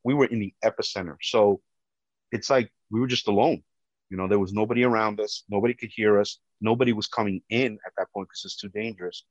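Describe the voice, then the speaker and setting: Big loud-voiced cop telling what happened to him, lo-fi and dry. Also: male voice, fairly low pitch, fairly even intonation, fast talker, no echo. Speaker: police officer telling his story. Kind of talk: personal testimony. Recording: dull, dry lo-fi recording.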